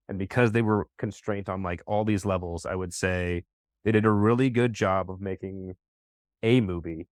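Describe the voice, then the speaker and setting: Hesitant low-voiced male podcast guest. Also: dry recording, clean studio sound. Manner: hesitant, builds arguments with many fillers. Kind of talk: casual chat.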